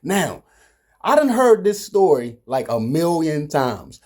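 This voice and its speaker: A man's voice: fairly high pitch, very animated, slow pace, a little mellow. A man in his forties with a Baltimore accent, casually chatting and teasing in a family vlog. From Baltimore, Maryland. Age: 40s. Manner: playful, teasing, laughs often. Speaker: vlogger.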